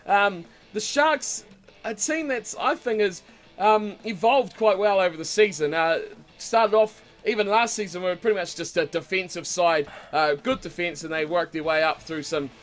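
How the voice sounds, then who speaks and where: A high-pitched man, hosting a casual rugby talk in a loose, rambling way with plenty of ums. Faint music runs underneath. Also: moderate pace. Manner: relaxed, rambling, frequent ums and uhs. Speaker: podcast host.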